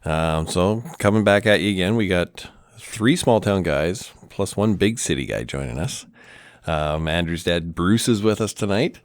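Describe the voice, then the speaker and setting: A man's voice: low-pitched, measured pace, no room sound. A man hosting a casual podcast chat, laid-back and rambling, swearing casually. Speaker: podcast host.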